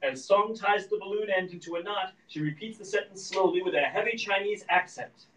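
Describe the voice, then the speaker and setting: A man reading the stage directions of a screenplay aloud at a live reading, in a steady, descriptive manner. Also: high-pitched, fairly quick, slight background noise. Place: event room at a live reading. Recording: echoey room, distant mic.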